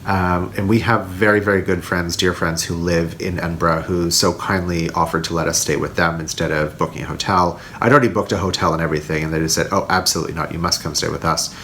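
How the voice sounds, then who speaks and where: A man's voice: sits low, steady tone, fairly quick, hardly any pauses, fairly bright tone, slight background noise. A man hosting a knitting video podcast, chatting casually to camera and rambling with frequent fillers.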